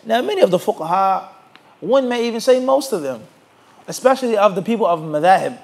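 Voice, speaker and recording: A man teaching a religious class, emphatic and animated, who keeps asking his listeners rhetorical questions and waits for them to answer. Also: sits high, brisk, vocal fry. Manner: rhetorical questions asked to the audience. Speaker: Islamic teacher.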